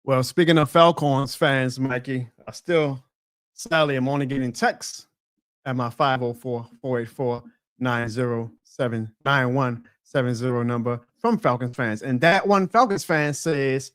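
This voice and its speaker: A man hosting a live stream, joking and trash-talking in a lively way. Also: mid-range voice, a little slow, smooth, no room sound, studio quality. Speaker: show host. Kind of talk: casual live-stream commentary.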